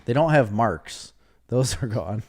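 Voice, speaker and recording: A man's voice: mid-range voice, animated, unhurried, a little mellow. A man co-hosting a podcast, chatting casually and laughing often. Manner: laughs often, easygoing banter. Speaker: podcast co-host. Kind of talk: casual chat.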